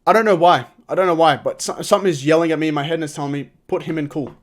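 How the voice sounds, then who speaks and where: A man's voice: fairly high pitch, rapid-fire. A young man giving casual, opinionated gaming commentary, often exasperated and restarting his sentences. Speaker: gaming YouTuber. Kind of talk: casual tier-list commentary.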